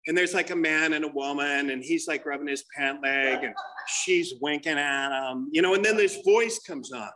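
A man doing a crude, rambling stand-up comedy set, telling stories with animated put-on voices. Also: on the high side, moderate pace, background noise.

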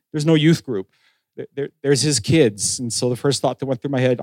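A man's voice: medium pitch, animated, a little fast, darkish tone, no room sound. A middle-aged man, a pastor, telling his story in a sermon, acting out conversations with self-deprecating humor. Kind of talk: sermon testimony.

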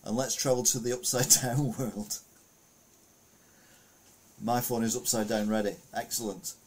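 A man's voice: medium pitch, fairly even intonation, measured pace. A man casually reading news headlines aloud and adding rambling, self-correcting comments full of fillers.

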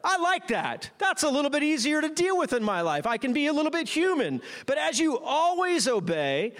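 A man's voice: extremely high pitch, very animated, fairly quick, a bit bright. A middle-aged man, a pastor, gives a playful sermon and talks straight to the congregation.

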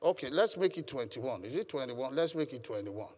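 A man's voice: mid-range voice, expressive, a little fast, a little mellow, big-room sound. A man preaching a sermon as pastor, emphatic and calling on the congregation to respond. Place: church hall.

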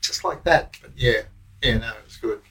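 An older Australian man reminiscing in a loose, rambling way, full of slang and false starts. His voice sits at an ordinary middle pitch, and he talks like a former officer recalling old days. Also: normal speed, pushed and bright, rough recording. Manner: rambling, anecdotal, with slang and restarts. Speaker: former prison officer, guest. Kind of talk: casual interview storytelling.

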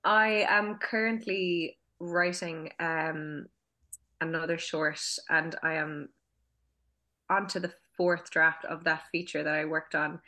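Bright, lower-voiced Cork Irish woman. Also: fairly even intonation, takes it slowly. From Cork, Ireland. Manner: chatty, many restarts and fillers, laughs often. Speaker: filmmaker and acting school director. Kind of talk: casual interview chat. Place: at home.

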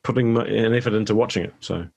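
Middle-aged kiwi guy, lowish voice, laid back rambling interview chat. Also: fast, vocal fry, breathy edge. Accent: New Zealand. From New Zealand. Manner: relaxed, rambling, self-deprecating. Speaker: guest actor.

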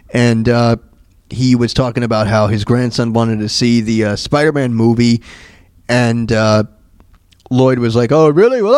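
A man's voice: mid-range voice, a little mellow, no room sound. A man hosting a radio show, casually recapping old comedy bits in a rambling way, with many fillers and chuckles.

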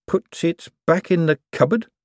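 Male narrator as a quick-witted young chancer, hesitant and dry, lively inflection. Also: medium pitch, no room sound, voice pushed up. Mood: uneasy, wry.

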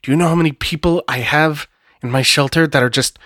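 A man's voice: on the high side, brisk, a bit bright, no room sound, clean studio sound. A man playing a scruffy, exasperated vampire beggar.

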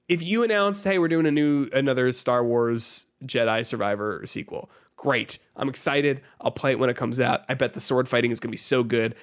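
A man co-hosting a gaming podcast, chatting casually and rambling with lots of "like" fillers. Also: mid-range voice. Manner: rambling, heavy use of "like" fillers. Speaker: podcast co-host. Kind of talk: casual chat about video games.

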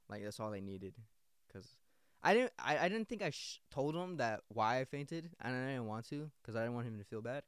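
A young man tells a story on his podcast in a loose, rambling way, swearing often and leaning on slang. His voice is smooth and resonant, and the recording is dry and close. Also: medium pitch, lively intonation, normal speed, no echo. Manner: rambling and profane, full of slang and restarts. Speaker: podcast host. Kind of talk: casual storytelling.

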